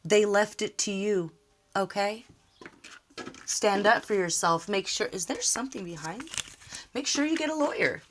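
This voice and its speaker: A woman reading tarot cards for her viewers in a warm, earnest monologue. She repeats short lines of encouragement and speaks with heartfelt emotion. Her voice sits at an ordinary middle pitch. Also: unhurried, long pauses, a little hiss or hum. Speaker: tarot reader.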